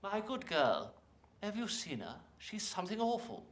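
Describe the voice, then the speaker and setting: An actor playing a flustered Victorian comic actor in rehearsal, theatrical in manner. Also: male voice, high voice, huge pitch swings, moderate pace, echoey room. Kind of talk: period film acting.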